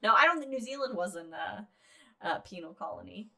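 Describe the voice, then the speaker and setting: Bright-voiced woman joking on a podcast. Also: medium pitch, expressive, a little fast, gravelly. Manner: giggly, jokey, trailing off with fillers. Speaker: podcast co-host. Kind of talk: casual chat over drinks.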